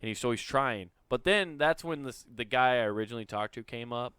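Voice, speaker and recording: A man's voice: medium pitch, brisk, a bit bright, clear, resonant tone, no echo. A man on a casual podcast telling a rambling story full of fillers and swearing. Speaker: podcast host.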